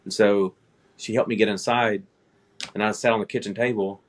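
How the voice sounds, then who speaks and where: A low, husky male voice tells a story in an easygoing way, laughing at his own mishaps. He is a man in his thirties talking with friends. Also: normal speed. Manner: relaxed anecdotal storytelling, laughing at himself. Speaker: air traffic controller, guest. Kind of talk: casual storytelling.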